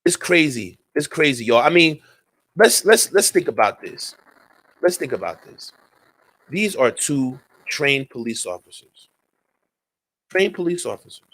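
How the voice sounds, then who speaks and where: A man's voice: a little high, sing-song, a little slow, long pauses, fairly bright tone. A man hosting a talk radio show, speaking in a heated, profane commentary and repeating his points.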